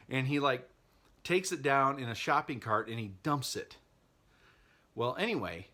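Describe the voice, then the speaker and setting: A man's voice: medium pitch, fairly bright tone. A man casually recapping a movie he loves, chatty and wry, laughing at the plot. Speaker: movie vlogger.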